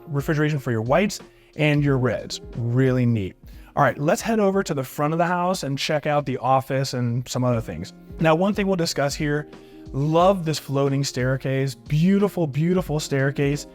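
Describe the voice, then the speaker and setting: A real estate agent's walkthrough vlog shows a man touring a home room by room, upbeat and enthusiastic about every feature, frequently repeating "really neat" and "beautiful." He speaks in a darkish, mid-range voice.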